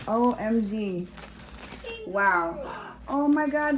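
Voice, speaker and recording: A woman's voice: high-pitched, lively intonation, drawn-out words. A woman gushing through a gift unboxing at home, exclaiming and repeating herself. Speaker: vlogger. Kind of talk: unboxing vlog.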